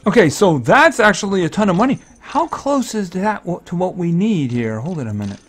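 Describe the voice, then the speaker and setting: A man giving casual gameplay commentary, thinking aloud, excitable and fretting over each purchase. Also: high voice, brisk, faint music behind. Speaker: let's-play commentator.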